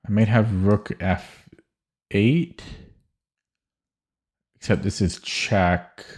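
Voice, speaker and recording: Low, slow-talking man muttering through chess puzzles. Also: fairly even intonation, a little mellow. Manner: muttering, hesitant, self-correcting. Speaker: chess streamer. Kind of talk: thinking aloud while solving puzzles.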